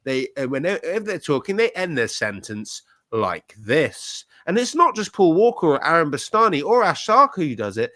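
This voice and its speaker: A man co-hosting a podcast, talking in a blunt, sweary, animated rant. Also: fairly high pitch, moderate pace, few pauses, dry recording. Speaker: podcast co-host. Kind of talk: ranty casual chat.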